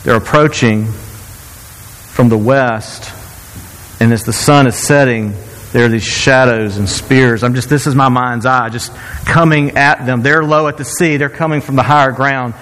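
A man preaching a sermon, joking and sarcastic, who jumps up in pitch when he acts out the people's cries. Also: a little slow, big-room sound, poor audio. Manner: animated, jumps high to act out quoted cries. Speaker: pastor.

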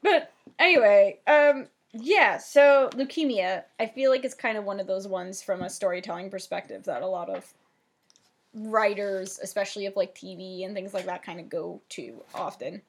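A woman's voice: mid-range voice, normal speed, husky. A young woman with a New Jersey accent, co-hosting a casual podcast and recapping a show with lots of fillers. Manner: chatty, many fillers, swears casually. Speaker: podcast co-host.

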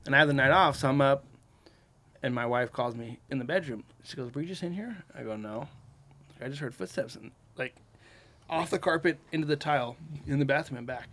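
Young male podcast host, lively storyteller, acts out quotes, garage podcast mic. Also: mid-range voice, fairly quick. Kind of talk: casual storytelling.

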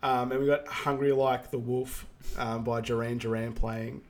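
Relaxed man, casual podcast chat. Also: mid-range voice, moderate pace. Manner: relaxed, many ums and fillers. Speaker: podcast co-host. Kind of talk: casual chat recapping a film.

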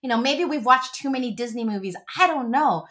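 A woman in her forties, a relationship coach, talking as a guest in a casual interview and telling stories with gushing, animated energy. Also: a little high, brisk.

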